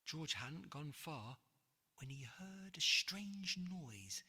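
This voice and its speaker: A woman reading a rhyming picture book aloud in an expressive, breathy voice with dramatic pauses. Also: deep voice. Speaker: narrator. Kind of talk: rhyming storybook read-aloud. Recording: long hall reverb.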